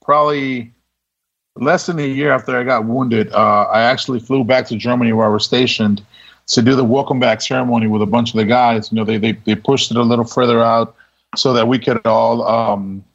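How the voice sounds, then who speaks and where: Gravelly-voiced veteran telling a story. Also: male voice, medium pitch, fairly even intonation, brisk, highs cut off. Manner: laid-back, laughing, full of quoted dialogue. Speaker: military veteran guest. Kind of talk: casual storytelling interview.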